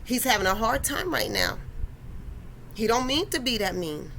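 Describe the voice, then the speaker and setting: A woman doing a hushed, insistent old granny. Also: very animated, slight background noise. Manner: slow, low and hushed, insistent. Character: scolding elderly grandmother giving love advice.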